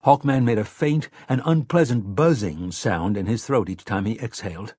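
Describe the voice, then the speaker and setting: A man narrating an audiobook in a measured, even manner on a close mic. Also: on the low side, husky, no echo. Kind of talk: scripted narration.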